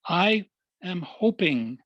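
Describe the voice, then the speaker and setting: A man giving a formal prepared speech to a club over a video call, measured and deliberate, with emphatic pauses. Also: high-pitched, big pitch swings, dry recording, highs cut off. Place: at home, joining remotely.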